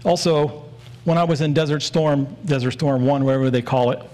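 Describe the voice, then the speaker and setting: A man's voice: a little high, fairly even intonation, brisk, darkish tone. A man in his forties preaching a sermon in an earnest, storytelling way, leaning on repeated phrases.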